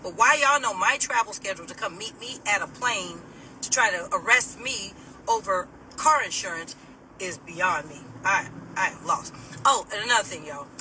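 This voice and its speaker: A woman vents in an animated, indignant monologue, swearing freely as she drives. Her voice is piercing and forceful. She sits a little back from the phone, with a faint hum of the road underneath. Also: mid-range voice, moderate pace. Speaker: vlogger. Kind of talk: casual venting monologue. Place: in a moving car. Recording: distant mic, faint road noise.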